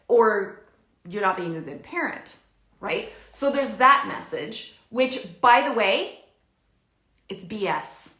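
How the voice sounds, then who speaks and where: A chatty woman in her thirties coaching parents in a loose, animated way, full of fillers and little laughs. Her voice is bright and a touch high, and it rings in an echoey room. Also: takes it slowly. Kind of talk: casual advice talk to camera.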